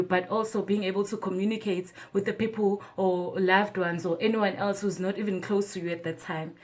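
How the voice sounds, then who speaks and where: A woman vlogging about spirituality in a casual explanatory way, full of "um" fillers and "right?" tag questions. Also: mid-range voice. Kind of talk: casual explanatory talk to camera.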